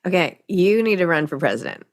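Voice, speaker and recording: A woman's voice: fairly low pitch, very animated, a little fast, a little hiss or hum. A woman in her forties hosting an interview, effusive and chatty with lots of fillers. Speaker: podcast host. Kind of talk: video call interview.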